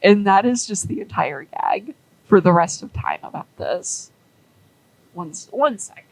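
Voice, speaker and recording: A woman's voice: mid-range voice, sing-song, unhurried, gravelly, poor audio. A woman rambling through a story in casual chat, with lots of "like" and acted-out quotes. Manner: rambling, many "like"s, acts out quoted characters.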